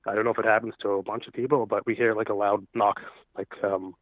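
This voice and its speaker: Man, caller, halting nervous storytelling, lower voice, tinny phone line. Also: level tone, no room sound. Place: at home.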